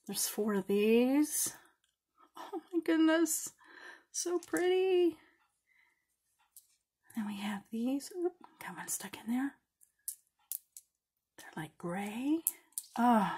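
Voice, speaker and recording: A woman with a soft, breathy voice unboxes beads at her craft table, speaking slowly and gushing over each find. Her delighted exclamations keep slipping into hushed whispers as she looks closer. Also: mid-range voice. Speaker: craft vlogger. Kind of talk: bead unboxing vlog.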